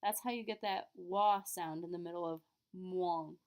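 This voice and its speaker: A woman French teacher explaining phrases to her students, clearly and patiently, modeling each word slowly. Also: fairly low pitch, fairly even intonation. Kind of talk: classroom lesson recording.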